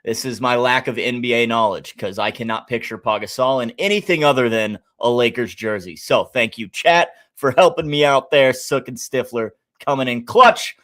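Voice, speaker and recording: A man with a Midwestern American accent hosting a live sports stream, chatting casually, thinking aloud and shouting out viewers in the chat. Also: mid-range voice, normal speed, few pauses. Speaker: sports betting stream host.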